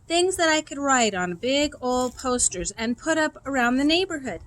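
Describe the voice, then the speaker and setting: A woman reading a children's novel aloud, expressive and acting out the dialogue. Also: sits high, normal speed. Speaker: reader.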